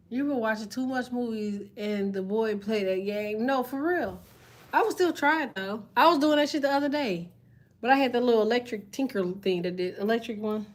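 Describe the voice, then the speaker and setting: A woman reading tarot who reacts to viewer comments in casual live-stream chat. She swears freely, jokes, and laughs often. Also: fairly high pitch. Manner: profane, laughs often, jokey banter.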